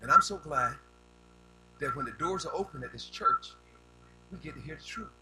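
A man's voice: a little high, lively intonation, moderate pace, over music, poor audio. An older man preaching a sermon in a folksy, down-home way, often repeating words as he builds a point. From rural United States.

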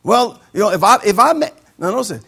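Pastor, male, raspy higher voice, lively sermon delivery with acted-out dialogue. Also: fast. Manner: animated, acts out conversations.

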